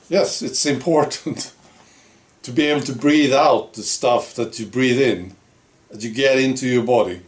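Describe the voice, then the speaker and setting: A man's voice: mid-range voice, unhurried. A man hosting his own opinion vlog, talking in a blunt, sarcastic, plain-spoken way. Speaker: channel host.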